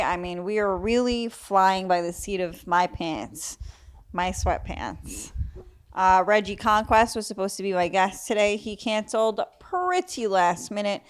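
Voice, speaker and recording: A woman's voice: medium pitch, clear, resonant tone. A young adult woman hosting a solo comedy podcast, talking casually with lots of swearing, jokes and bursts of mock outrage. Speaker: podcast host.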